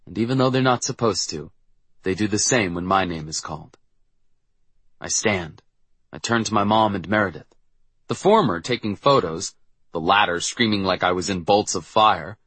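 A man's voice: on the low side, fairly bright tone, breathy edge, no room sound. A man narrating a first-person audiobook in a wry, reflective storytelling manner.

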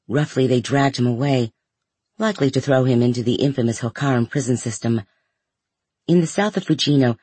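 Husky man narrating a story. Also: medium pitch, a little mellow, no echo. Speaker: audiobook narrator. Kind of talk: scripted first-person story narration.

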